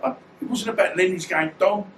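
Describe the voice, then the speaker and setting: A man in his 50s who once boxed speaks as an interview guest, telling rambling stories bluntly and with lots of slang. His mid-range voice is a bit bright and fairly quick. Slight background noise, faint ambience, a roomy echo, and a distant mic shape the sound.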